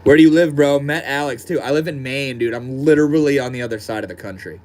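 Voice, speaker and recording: A man's voice: medium pitch, fast talker, darkish tone. A man live streaming from his desk at home, chatting casually and reading out viewer comments in a laid-back, slangy way. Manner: laid-back and slangy, calls people bro and dude.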